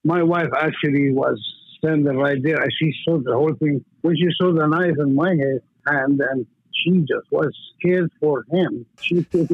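Arabic-native store owner on the phone, husky, chuckly, broken English. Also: male voice, fairly high pitch, normal speed, no echo. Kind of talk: phone interview, recounting a story. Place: his shop. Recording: tinny phone line.

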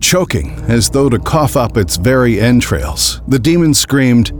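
A man narrating a scripted story in a grave, measured way. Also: mid-range voice, sing-song, soft background music.

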